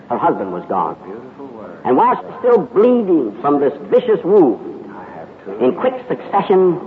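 Dramatic male preacher, higher voice, heard over a thin radio broadcast with a congregation behind. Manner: dramatic, acts out the characters' speech. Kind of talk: sermon storytelling. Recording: tinny phone-like radio broadcast with crowd noise.

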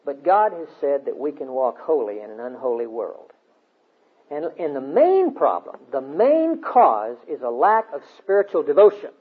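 A man's voice: on the high side, big pitch swings, moderate pace, slightly rough. A man preaching a sermon, exhorting his listeners in an earnest way and telling stories from his life. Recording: tinny phone-like sound.

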